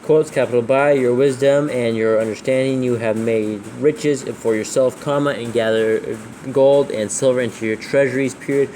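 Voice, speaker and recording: A man proofreading scripture aloud, reading slowly and calling out every comma, quote and capital letter. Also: mid-range voice, steady tone, mellow, a little hiss or hum. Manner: reads slowly, spelling out punctuation and capitals. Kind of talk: dictating text with punctuation.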